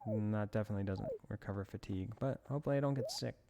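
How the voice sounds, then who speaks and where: A man's voice: fairly low pitch, rapid-fire, creaky, mellow, a little hiss or hum. A man giving casual commentary as he plays a farming game, rambling with self-amused asides. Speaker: let's play host.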